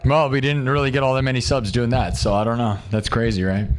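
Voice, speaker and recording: A young man with a mid-range voice hosts a livestream, rambling casually and excitably. His talk is loose and full of "dude" and "like," and he reads out supporters' names in a quick list.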